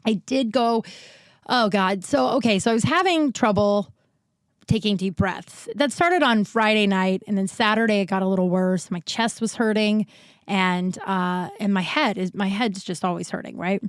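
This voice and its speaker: A woman's voice: medium pitch, normal speed, no room sound. A woman hosting a podcast, telling a long personal story in a chatty way, swearing now and then and acting out the people she quotes, sounding a little winded while recovering from illness. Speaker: podcast host. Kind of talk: casual storytelling monologue.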